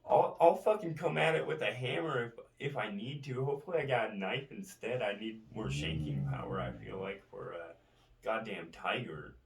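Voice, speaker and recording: A man's voice: fairly low pitch, expressive, moderate pace, creaky. A man vlogging in a profane, rambling monologue, tagging his lines with "right?". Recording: roomy, distant from the mic.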